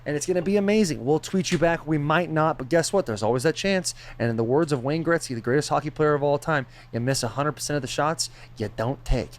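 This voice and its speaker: A male podcast co-host with a somewhat high voice talks in a loud, joking, rambling way. His casual banter and plugs keep rolling from one quip to the next. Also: fast talker, few pauses.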